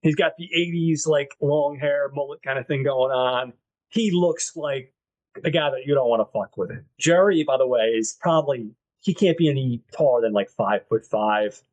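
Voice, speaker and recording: A man co-hosting a movie podcast, retelling scenes in a lively, crude, casual way. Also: mid-range voice, normal speed, highs cut off. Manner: animated retelling with crude jokes. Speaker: podcast host.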